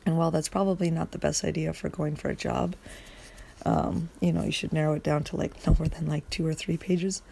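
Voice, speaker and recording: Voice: mid-range voice, flat delivery, fairly quick, creaky, dark tone, breathy edge. A podcast host rambling through a casual solo monologue, just woken up and groggy, swearing freely and losing the thread.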